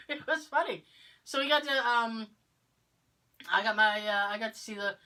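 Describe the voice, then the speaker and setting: A woman's voice: fairly high pitch, a little slow. A woman from Massachusetts, co-hosting a podcast in casual chat, telling stories and acting out what other people said. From Massachusetts, near Cape Cod. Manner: animated storyteller, acts out what others said. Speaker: podcast co-host.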